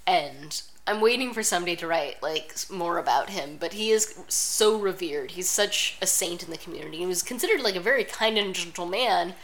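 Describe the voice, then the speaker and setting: A woman's voice: fairly low pitch, animated, brisk, hardly any pauses, a bit bright. A woman co-hosting a podcast in casual chat, blunt and sarcastic with strong opinions. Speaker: podcast co-host.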